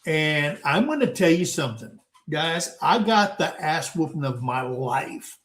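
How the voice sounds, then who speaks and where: Older male host in his 60s, unhurried folksy storyteller, a bit high-voiced, echoey room. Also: animated, a bit bright. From United States. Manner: folksy storyteller, addresses listeners as guys. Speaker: talk show host. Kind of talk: casual panel chat, storytelling. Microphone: video call. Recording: roomy echoing room.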